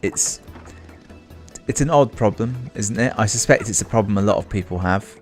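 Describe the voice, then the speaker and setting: A man's voice: on the low side, normal speed, soft background music. A man giving casual let's play commentary in a dry, self-mocking, rambling way.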